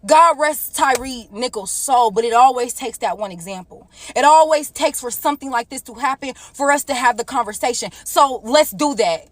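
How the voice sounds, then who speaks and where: A woman's voice: high voice, moderate pace, few pauses, no room sound. A woman giving blunt, earnest commentary to camera, with the odd swear word. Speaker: content creator.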